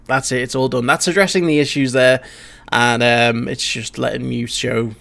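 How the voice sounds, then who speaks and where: A man's voice: mid-range voice, fairly even intonation, normal speed, gravelly, fairly bright tone. A man hosting a casual reaction video, giving his opinion in a blunt, chatty way and often restarting his sentences. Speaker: YouTube reaction host.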